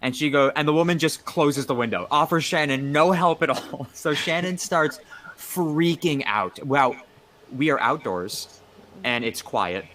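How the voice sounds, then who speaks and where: A man's voice: on the high side, animated, a little slow, fairly bright tone. A young man co-hosting a podcast, rambling through a funny story in casual chat, peppered with "like" and his own laughter. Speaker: podcast co-host.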